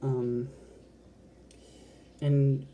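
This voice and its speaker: A woman's voice: a bass voice, flat delivery, drawn-out words, phone-quality sound. A trans woman talking frankly to camera in a casual, heartfelt vlog, swearing freely and restarting her sentences. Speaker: vlogger.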